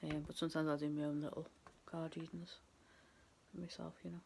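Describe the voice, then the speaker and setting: Gravelly low-voiced woman reading tarot. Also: flat delivery, fairly quick, warm tone, a little hiss or hum. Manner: chatty and rambling, laughs at herself. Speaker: tarot reader. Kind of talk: casual tarot reading to camera.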